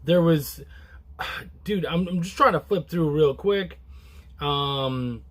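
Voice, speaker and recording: A man reviewing a comic book in a casual, relaxed chat to camera, rambling with many restarts and fillers. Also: slow. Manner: relaxed and low-key.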